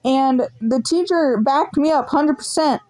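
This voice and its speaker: A woman's voice: high-pitched, unhurried, poor audio. A young woman rambling through a casual storytime vlog, swearing freely as she tells it. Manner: swearing, rambling, animated retelling. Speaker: vlogger.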